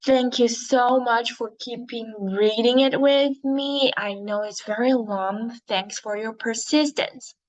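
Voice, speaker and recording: Slow, patient woman teaching reading. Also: on the high side, steady tone, low-quality recording. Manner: slow, patient, encouraging, modelling expression. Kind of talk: online English reading lesson for young learners.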